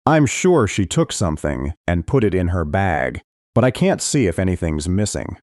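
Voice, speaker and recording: Deep-voiced man narrating a thriller audiobook. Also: sing-song, normal speed, a little mellow, no echo, studio quality. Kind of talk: scripted first-person audiobook narration.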